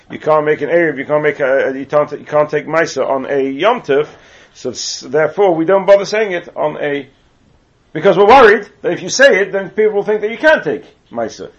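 On a muffled lo-fi recording, a man from England reads Hebrew text aloud and explains it in English, sprinkling in asides, in the manner of a Talmudic lecture. His pitch is fairly high and he speaks a little fast.

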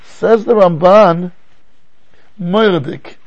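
Man giving a lively Torah class, high gravelly husky voice, rhetorical questions, stumbling restarts. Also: slow, dull audio. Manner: animated, rhetorical questions, frequent stammering restarts. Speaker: rabbi teaching a Torah class. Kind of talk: animated Torah lecture.

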